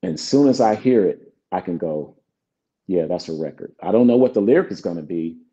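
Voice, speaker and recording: A man's voice: fairly low pitch, animated, a little fast, warm tone. A middle-aged man, a songwriter guest, telling stories in an interview and acting out old conversations. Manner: acts out both sides of past conversations. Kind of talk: relaxed interview storytelling. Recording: dull lo-fi sound.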